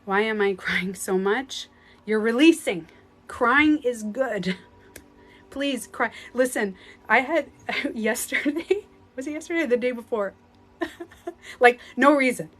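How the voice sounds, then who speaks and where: A woman's voice: a little high, takes it slowly, long pauses, fairly bright tone, faint music behind. A woman hosting a casual phone livestream from home as a spiritual life coach, talking earnestly, rambling and often laughing.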